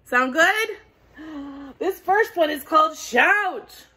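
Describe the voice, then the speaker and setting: Very high, bright-voiced storytime reader. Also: female voice. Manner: animated, gasping, drawn-out sing-song calls for children to join in. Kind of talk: reading a picture book aloud to toddlers.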